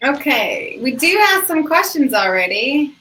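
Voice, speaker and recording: A woman's voice: sits high, sing-song, bright, forceful tone, low-quality recording. A woman co-hosting a podcast, reading listener questions and chatting casually. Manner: brisk, reads questions aloud. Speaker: podcast co-host.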